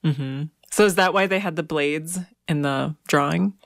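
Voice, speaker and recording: A woman's voice: low voice, a little slow, creaky, no room sound. A woman interviewer asking curious, friendly questions.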